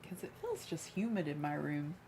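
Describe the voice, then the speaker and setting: A woman chatting casually on a live game stream from her room, soft-spoken and giggly, gushing over cute things. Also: sits low, very animated, moderate pace, noisy background. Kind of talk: casual livestream chat while playing. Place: her own room, small fan running beside her.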